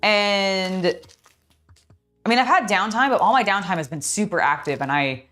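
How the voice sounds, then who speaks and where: A tired young woman chatting casually on a live stream while building, scattered and excitable. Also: medium pitch, moderate pace, faint music behind. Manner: scattered, excitable, self-talking. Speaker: streamer building a LEGO set.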